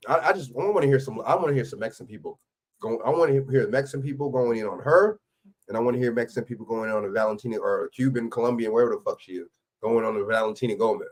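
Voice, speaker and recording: A man's voice: medium pitch, very fast. Profane, heated man ranting on stream. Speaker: livestream host. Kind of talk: casual reaction commentary.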